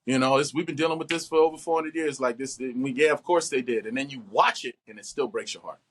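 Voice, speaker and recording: Fast, bright-voiced man acting out quotes. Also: slightly rough. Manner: expressive, acts out quotes with big pitch jumps. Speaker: actor and interview guest. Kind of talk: animated interview talk.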